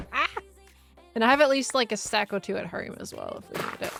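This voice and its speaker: A woman's voice: mid-range voice, huge pitch swings, quick pace, gravelly, fairly bright tone, faint music behind. A young woman chatting casually while streaming a game, musing aloud and laughing often. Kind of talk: casual live-stream chat while gaming.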